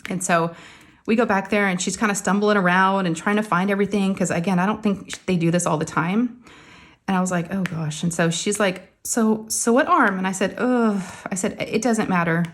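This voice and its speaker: A woman's voice: mid-range voice, a little fast. Chatty woman telling a story. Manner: animated, acts out quotes, addresses viewers as "y'all". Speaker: crafting vlogger. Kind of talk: casual storytelling chat.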